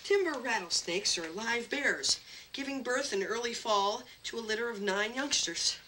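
A man's voice: extremely high pitch, lively intonation, normal speed, poor audio. A nervous nerdy teen boy. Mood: awkward. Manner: nervous and stammering. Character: nerdy awkward teenage boy. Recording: film audio with music behind.

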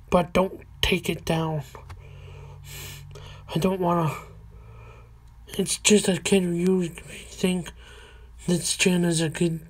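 A woman hosting her own channel in casual video chat, talking in halting, stop-start phrases. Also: low voice, breathy edge. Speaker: channel host.

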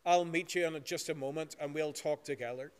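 Speaking fairly quickly in a clean, fairly high voice with fairly even intonation, a Northern Irish pastor tells a friendly story to children in a church service and poses questions to them. Long reverb from the large church hall fills the recording.

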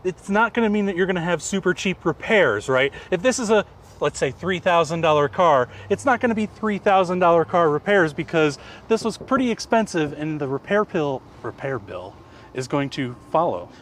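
A man with a fairly high voice explains car specs in a relaxed, easygoing way. He is recorded outdoors, with faint street noise behind him. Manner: easygoing, explanatory, quick to agree. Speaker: co-host presenting cars. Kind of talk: casual car review chat.

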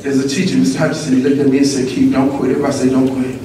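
A man from Los Angeles giving a motivational school-assembly talk, telling his story and calling out for the crowd to answer back, from hushed to shouting. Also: mid-range voice, level tone, racing, background noise. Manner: storytelling, call-and-response with the audience, swings from hushed to shouting. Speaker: motivational speaker. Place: school gym or auditorium. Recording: echoey hall, voice from far off.

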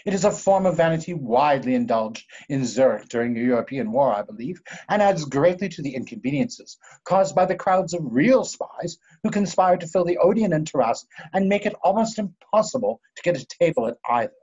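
A vain, pompous old English dandy, read by a man who drawls his lines with theatrical airs. The voice is husky and a little breathy, and it comes through dull, lo-fi video call audio. It is a stage play read aloud over a call. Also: fairly high pitch, lively intonation, a little fast, few pauses, a little mellow.

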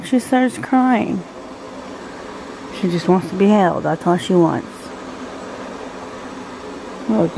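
A woman's voice: medium pitch, dark tone, a little hiss or hum, rough recording. A young woman talking casually to camera about her day at home, chatty, at times cooing to a fussy baby. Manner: chatty, soothing baby in a sing-song voice. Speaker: vlogger, mother. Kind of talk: casual family vlog talk to camera.

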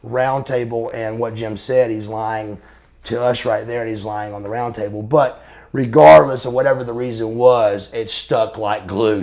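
Interview guest: gravel-edged man in his forties, blunt, profane storyteller, mid-range pitch. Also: a little mellow. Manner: profane, blunt storyteller calling the listener brother. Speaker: interview guest, former pro wrestler. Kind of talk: casual anecdotal interview.

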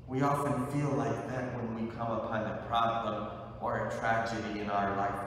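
A man, a Catholic priest, preaching a sermon with impassioned, repeated questions and deliberate pauses. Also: medium pitch, flat delivery, fairly bright tone, slight background noise. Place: large church. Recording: echoey church, voice from a distance.

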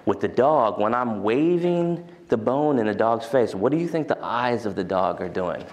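A man's voice: on the low side, animated, moderate pace, a little mellow. A man giving a casual, conversational university lecture in a large lecture hall, including a guided mindfulness exercise.

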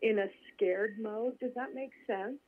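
A woman calling in to a radio show, speaking hesitantly with halting starts. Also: on the high side. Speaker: caller. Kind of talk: call-in conversation. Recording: dull phone-in line.

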